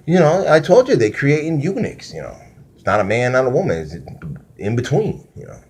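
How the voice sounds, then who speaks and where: A man's voice: medium pitch, a little mellow. A man delivering a loose, profane spoken teaching, drifting between topics with frequent restarts. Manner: profane, conspiratorial ranting. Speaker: self-styled spiritual teacher. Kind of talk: rambling spoken monologue.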